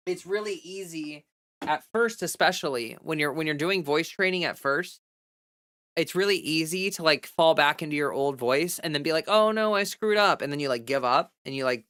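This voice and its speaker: Woman streamer, bright forceful tone, chatty candid advice, dry close sound. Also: low-pitched, normal speed, dry recording. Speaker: livestreamer giving voice-training advice. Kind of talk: casual livestream chat.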